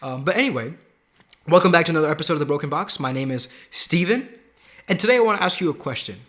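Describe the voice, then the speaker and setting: A man's voice: on the high side, lively intonation, quick pace, fairly bright tone. A man hosting a Christian video show, talking animatedly and posing rhetorical questions to the viewers. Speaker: host. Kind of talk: faith video show monologue.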